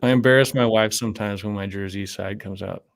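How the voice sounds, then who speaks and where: A man's voice: fairly low pitch, fairly even intonation, brisk. A man hosting a livestream, bantering playfully in casual chat. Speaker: livestream host.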